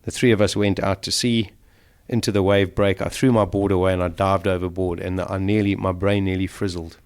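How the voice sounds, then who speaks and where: A man's voice: sits low, flat delivery, a little fast, a little mellow, clear, resonant tone. A middle-aged man, a guest in an interview, vividly and emotionally retelling a survival ordeal. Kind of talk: storytelling in an interview.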